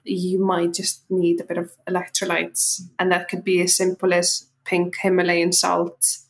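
A woman from Iceland whose accent blends Icelandic, Irish and English, talking in a relaxed way with fillers as a guest in a casual interview. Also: fairly low pitch, moderate pace, low-quality recording. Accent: Icelandic, with Irish and English influences. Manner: relaxed, with filler words and restarts. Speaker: podcast guest.

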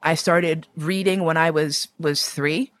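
A woman's voice: low-pitched, steady tone, takes it slowly, fairly bright tone, dry recording, clean studio sound. A woman in her fifties from New York City, telling personal stories candidly and expressively, swearing casually. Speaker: guest.

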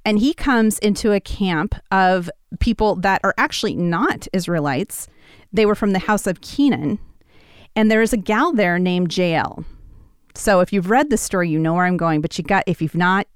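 A woman teaching a Bible passage in a casual, conversational way, telling the story with animated quoted lines. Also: lowish voice, normal speed, clean tone, dry recording, studio quality.

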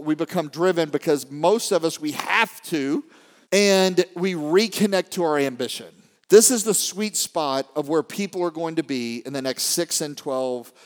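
A male motivational speaker giving a live keynote, rallying the audience with questions and swinging from hushed asides to shouted peaks. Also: a little high. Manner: rallies the crowd with call-and-response questions. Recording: long hall reverb.

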